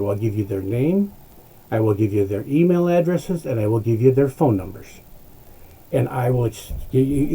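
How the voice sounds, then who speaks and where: A man's voice: mid-range voice, mellow, rough recording. A man hosting a political talk show, ranting in a fired-up way and swearing as he urges listeners to act. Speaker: host.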